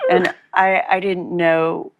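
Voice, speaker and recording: A woman's voice: lowish voice, very animated, slow, gravelly. A woman speaking thoughtfully and a little hesitantly in an interview. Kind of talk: reflective interview talk.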